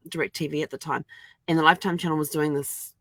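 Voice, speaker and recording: Chatty older woman, low voice. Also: brisk, no room sound. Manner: chatty, laughs often, animated quoting. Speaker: vlogger. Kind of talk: casual livestream chat. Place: inside an RV.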